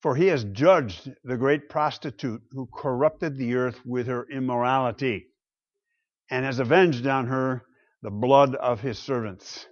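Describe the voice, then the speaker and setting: A man preaching a sermon slowly and deliberately, reading scripture and telling history with dramatic pauses. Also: mid-range voice, no echo, highs cut off. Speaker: pastor.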